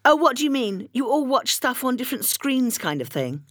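A woman doing a nosy, prim neighbour lady in a comic monologue. The voice sits high above her own and comes in a touch louder. Every question is prim and prying, wrapped in false concern. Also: sing-song, normal speed, no echo, clean studio sound, full character voice. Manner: probing, faux-concerned.

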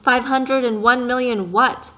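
A woman's voice: fairly high pitch, fairly even intonation, unhurried, a bit bright, voice pushed up, low-quality recording. A woman voicing an earnest, curious young boy who keeps asking questions, in an audiobook reading.

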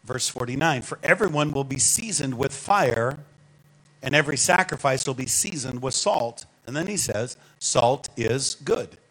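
A man preaching a sermon as guest speaker, animated and calling on the congregation to answer back. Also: medium pitch, unhurried, husky, poor audio. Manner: animated, calls the congregation to respond.

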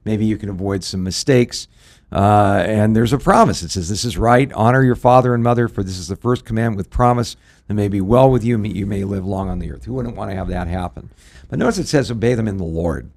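Low-voiced folksy man pastor. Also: fairly quick, darkish tone. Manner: folksy, anecdotal, quotes scripture. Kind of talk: radio ministry discussion.

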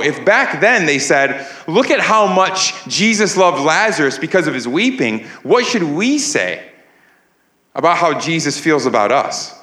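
Earnest preacher in an echoey church. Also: male voice, fairly high pitch, fairly bright tone. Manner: earnest, repeats words while building emphasis. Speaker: pastor. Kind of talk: sermon. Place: church sanctuary.

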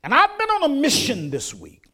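A man's voice: very high-pitched, huge pitch swings, moderate pace, bright, forceful tone. An older man, preaching a sermon in a folksy manner that rises to emphatic declarations.

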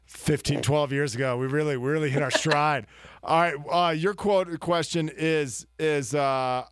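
A man co-hosting a casual sports podcast, rambling and joking with excitement. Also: on the high side, unhurried, clean tone, dry recording, studio quality. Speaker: podcast co-host.

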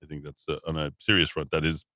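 A man's voice: rumbling low, little pitch movement, fast, pushed and bright, no room sound. A man hosting a talk radio show in a studio, rambling casually with many fillers and restarts.

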